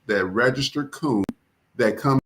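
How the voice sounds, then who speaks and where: A man's voice: mid-range voice, unhurried, fairly bright tone. A man co-hosting a podcast, ranting in heated, casual, profane commentary with exasperation. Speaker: podcast co-host.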